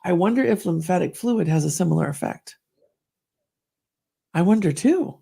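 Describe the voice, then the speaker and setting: A middle-aged woman co-hosting a podcast, telling animated stories in casual chat and acting out the voices she quotes. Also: on the low side, moderate pace, vocal fry, breathy edge. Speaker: podcast co-host.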